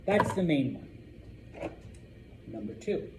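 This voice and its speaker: A man teaching a Spanish class to students, repeating words slowly to model their pronunciation. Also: on the high side, sing-song, noisy background. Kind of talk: classroom lesson.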